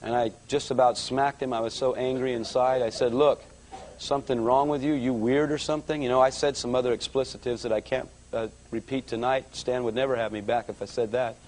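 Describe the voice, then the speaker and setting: A man preaching his own testimony in a church meeting, telling the story with lively quoted voices and rising in pitch and volume when he gets excited. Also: a little fast, hardly any pauses, slight background noise, poor audio. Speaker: guest preacher. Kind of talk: testimony sermon.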